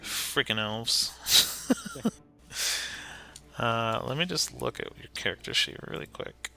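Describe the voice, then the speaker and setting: Man, game master, very bright tone, casual and chatty, laughs often. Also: medium pitch, vocal fry. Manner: casual, laughing, quick asides. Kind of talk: running a tabletop game stream.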